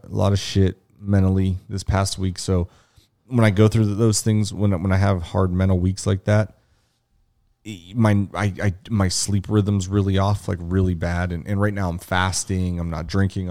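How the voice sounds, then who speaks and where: A man's voice: sits low, dark tone. A young adult man co-hosting a podcast, telling a long, profane story in a casual chat and acting out the quotes. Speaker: podcast co-host.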